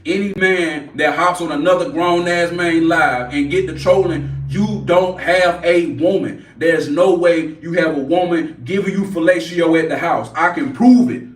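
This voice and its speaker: Far from the mic in an echoey room, this livestream host in his forties ridicules chat trolls in a brash, profane way. His fairly high voice moves a little slowly, with hardly any pauses.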